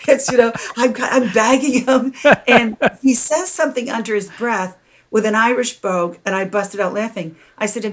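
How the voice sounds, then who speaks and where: Animated middle-aged woman telling a story. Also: on the high side, normal speed, slight background noise. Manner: animated, laughs often while telling a story. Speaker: guest. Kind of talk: storytelling in a conversation.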